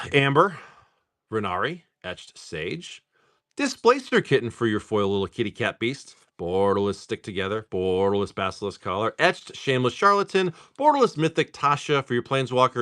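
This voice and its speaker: A man's voice: on the low side, very animated, normal speed, a bit bright, no room sound, studio quality. A man hosting a live card-opening stream, chatting casually and profanely while he calls out pulls and jokes about comedy films. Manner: loose and profane, laughing, quoting comedy films.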